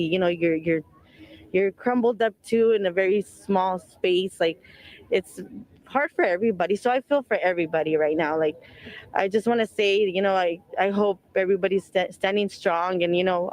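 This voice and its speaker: A woman's voice: mid-range voice, darkish tone, poor audio. Rambling, earnest young mother. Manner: rambling, heavy use of "like" and "you know"; earnest, openly religious. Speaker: wildfire evacuee, mother of several children. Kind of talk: emotional on-the-spot interview answers. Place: outdoors at a donation site.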